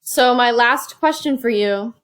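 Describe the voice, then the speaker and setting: A woman's voice: fairly high pitch, unhurried, a bit bright, clear, resonant tone. A woman hosting a casual chat, recorded on a phone, animatedly retelling a story and slipping into quoted voices. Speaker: reviewer and show host. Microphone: phone used as camera.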